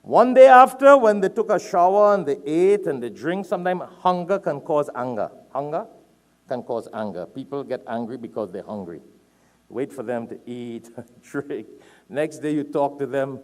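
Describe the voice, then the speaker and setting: A man's voice: on the high side, normal speed. A man from Trinidad preaching a sermon, telling stories with emphatic repetition. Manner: animated storytelling, emphatic repetition. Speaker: Islamic preacher.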